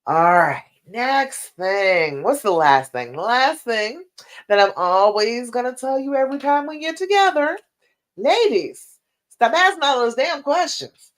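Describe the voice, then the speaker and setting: A woman coach chatting live to her viewers, her pitch swooping up and down as she stresses points. She talks in a lively, emphatic way, speaking straight to the audience. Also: a little slow. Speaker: relationship coach. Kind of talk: live-stream advice chat.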